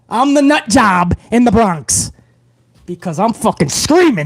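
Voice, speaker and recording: A brash, foul-mouthed man hosts a live wrestling talk stream, loud and unfiltered as he rants at his viewers. His voice sits unusually high for a man and sounds close and bone-dry. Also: lively intonation, normal speed, dry recording. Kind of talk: profane live-stream rant.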